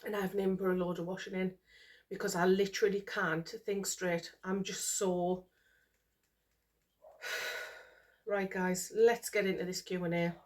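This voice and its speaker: A woman's voice: mid-range voice, level tone, measured pace, long pauses. Overwhelmed British woman vlogging. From United Kingdom. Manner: emotional, breathless, sighing and repeating herself. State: overwhelmed after crying. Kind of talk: casual chat to camera.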